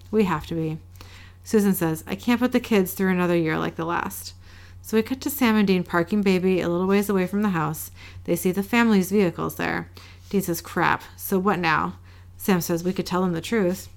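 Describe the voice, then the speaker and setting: A woman co-host with a gravelly edge to her voice talks through a TV episode scene by scene. She reads the quoted dialogue in a flat, low-key way, with no big character voices. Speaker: podcast co-host recapping an episode. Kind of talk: casual recap, reading dialogue aloud.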